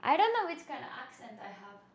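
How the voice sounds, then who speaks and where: A woman whose first language is Japanese chats on a live stream in a fairly high, giggly voice. She mixes in Japanese phrases as she talks. The room is echoey, with a faint ambient hum behind her. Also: sing-song, quick pace. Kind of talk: casual live-stream chat.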